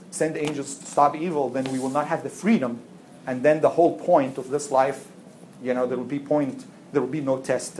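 A woman casually telling a religious story to a child, animated, acting out voices and laughing often. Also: extremely low pitch, a little hiss or hum, low-quality recording.

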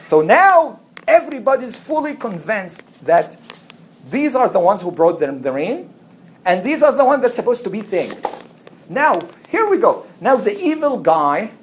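A woman casually telling a religious story to a child, animated, acting out voices and laughing often. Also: mid-range voice, unhurried, a little hiss or hum, low-quality recording.

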